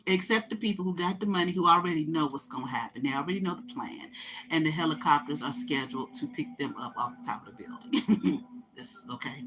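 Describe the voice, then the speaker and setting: A woman's voice: low voice, noisy background. A middle-aged woman telling a casual story, often cursing, laughing, and acting out other people's lines. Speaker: vlogger.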